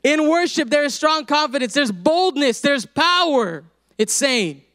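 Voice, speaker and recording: A man's voice: extremely high pitch, animated, a little slow, pushed and bright. A man preaching a sermon to a congregation, building to emphatic peaks and joking with the crowd.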